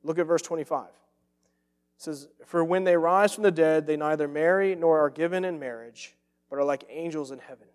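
A man's voice: fairly high pitch, normal speed, clear, resonant tone, in a large hall. A man preaching a sermon as pastor, earnest and emphatic, repeating phrases for stress.

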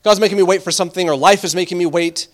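A man preaching a sermon, animated, reading scripture aloud slowly and often repeating himself. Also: sits high. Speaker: pastor.

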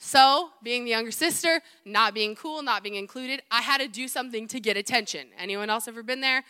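Young woman, youth pastor, sermon, high voice, chatty storytelling, self-mocking asides. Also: a little fast, bright, forceful tone, clean tone.

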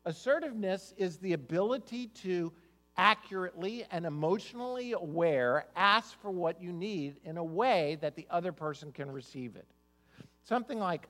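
A man preaches a sermon in a high voice. He speaks conversationally to the congregation and often doubles the first words of a sentence. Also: expressive, moderate pace, a bit bright. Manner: conversational, repeats words when starting sentences. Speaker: pastor.

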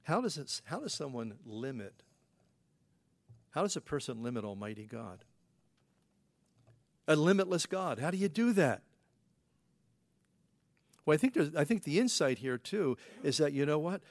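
A pastor delivers a conversational, folksy sermon, his voice on the high side with big pitch swings. He speaks at normal speed but pauses often, tossing out rhetorical questions and frequent "you know" fillers.

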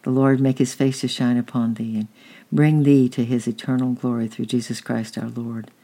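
A solemn old apostle proclaims and blesses in slow, fervent tones, as a man reading a storybook puts him on. His voice is gravelly and dark, a little quieter than the narration around it. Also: mid-range voice, flat delivery, close to an everyday voice.

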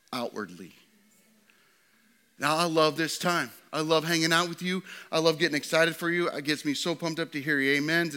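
A pastor preaching a sermon to his church, swinging from loud and excited to quiet and hushed. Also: a little high.

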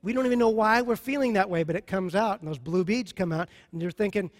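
A man preaching a sermon on marriage, emphatic and repeating key phrases slowly for effect. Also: high-pitched. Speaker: pastor. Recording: long hall reverb.

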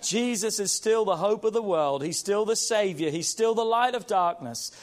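Male pastor, high voice, fervent sermon delivery with drawn-out emphasis and rallying calls. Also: lively intonation. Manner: emphatic, repetitive call-and-response preaching; slows and stretches key phrases.

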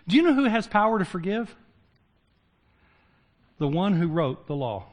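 An older male pastor with a fairly high voice delivers a sermon. He talks to his congregation conversationally, tosses in jokes, then climbs to loud emphatic peaks before dropping to a hushed near-whisper. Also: sing-song, normal speed.

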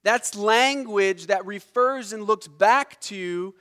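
A man preaching a sermon in a fairly high voice, taking his time over each phrase. He explains the meaning of words with emphasis and lets key words fall low and quiet. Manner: explains word meanings slowly and deliberately. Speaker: pastor.

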